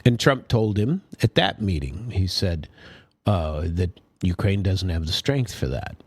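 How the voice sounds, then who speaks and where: A man's voice: deep voice, lively intonation, a little slow, a little mellow, husky, no room sound, studio quality. A man hosting a political commentary show, talking casually and rambling with many fillers and restarts. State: sleepy, yawning.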